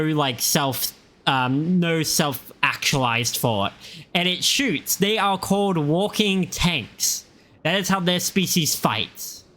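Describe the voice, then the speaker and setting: A man giving live commentary on a video game, his voice fairly high and bright. He chats casually and animatedly, swearing now and then. Faint game music plays underneath. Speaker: game streamer.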